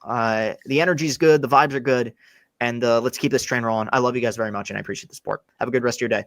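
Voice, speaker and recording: Animated man hosting a sports podcast. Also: medium pitch, fast, slight background noise. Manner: animated, repeats words and restarts when heated. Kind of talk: casual solo sports talk.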